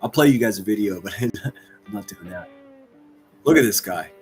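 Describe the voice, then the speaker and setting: A man's voice: on the low side, animated, moderate pace, a little mellow, faint music behind. A man hosting a stream, ranting crudely and mocking people in exasperated bursts. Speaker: streamer host.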